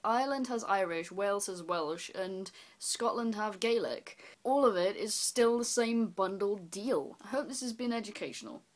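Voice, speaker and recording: An English woman delivering a sarcastic, profanity-laced explainer as if lecturing her viewers. She leaps from squeaky, emphatic protests to flat, muttered asides. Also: normal speed, few pauses. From England. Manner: blunt, sweary, mock-lecturing; jumps between high exclaims and low muttered asides. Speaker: vlogger.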